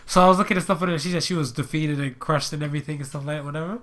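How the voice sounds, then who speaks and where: A man's voice: on the high side, fairly even intonation, racing, fairly bright tone. A man co-hosting a casual podcast, telling a long story and padding it with "and stuff, whatever". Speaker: podcast co-host. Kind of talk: casual chat.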